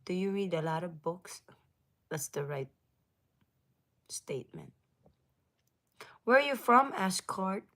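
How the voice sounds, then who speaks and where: Chatty woman with a slow, low voice. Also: sing-song. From United States. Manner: chatty, laughs often, drifts to soft whispers. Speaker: livestream host. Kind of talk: casual livestream chat with viewers.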